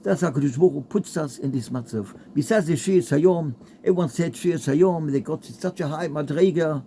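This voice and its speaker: A man's voice: a little high, normal speed, warm tone, a little hiss or hum. A man giving a heartfelt Torah talk with a story, mixing in Hebrew and Yiddish terms. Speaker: Torah speaker.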